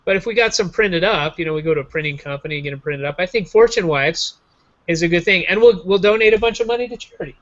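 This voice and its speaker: A man's voice: high-pitched, fast, a bit bright. A man hosting a show in a casual joking chat, rambling and self-mocking over a video call. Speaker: show host. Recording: dull lo-fi online call audio.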